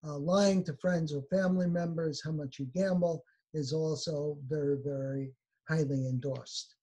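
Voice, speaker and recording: A man giving an academic presentation over slides, listing research findings in a measured way with frequent fillers. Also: a little high, fairly even intonation, dark tone, breathy edge, poor audio. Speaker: lecturer.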